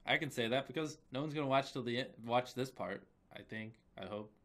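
Young guy with a cold, bright sharp voice, chanting on and on, yelling then muttering. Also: mid-range voice, a little fast. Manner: repeating a chant, breaking off into sudden shouts and mumbled asides. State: has a cold. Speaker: video creator. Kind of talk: casual chat.

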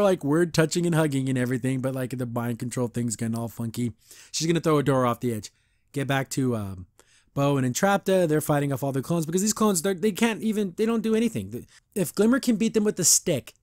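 A man's voice: fairly high pitch, a little mellow, dry recording, clean studio sound. Exasperated man ranting on a podcast. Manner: exasperated, sarcastic, laughs often, mimics characters in mocking voices. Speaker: podcast host reviewing a cartoon episode. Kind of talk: casual recap and rant.

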